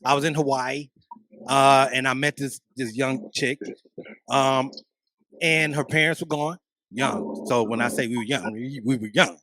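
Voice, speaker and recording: A man co-hosting a podcast, telling a story in a casual, profane, animated way. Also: mid-range voice, unhurried, no room sound. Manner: animated, profane, acts out quotes. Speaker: podcast co-host.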